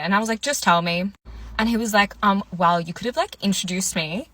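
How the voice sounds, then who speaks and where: A woman's voice: mid-range voice, fairly quick, sharp tone. A young woman in her twenties, casually telling a dating story and acting out what each person said. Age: 20s. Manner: chatty, quotes people in their voices. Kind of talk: casual story time monologue.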